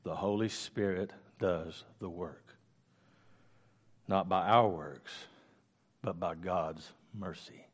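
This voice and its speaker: A man teaching a Bible study, reading scripture aloud and then going back over it slowly with restarts and casual asides, recorded on a close microphone. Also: low voice, husky.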